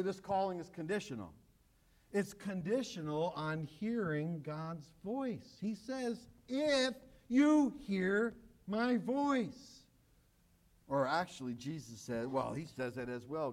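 A pastor preaching a sermon in an urgent, emphatic way, pressing the same call again and again. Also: male voice, high-pitched, a bit bright. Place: church, broadcast on radio and online.

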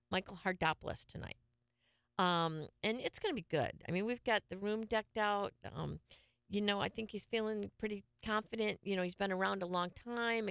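A woman's voice: medium pitch, creaky, fairly bright tone, smooth, no echo, studio quality. A middle-aged woman hosting a casual radio show, telling stories in a chatty way and laughing often. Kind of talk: casual morning show chat.

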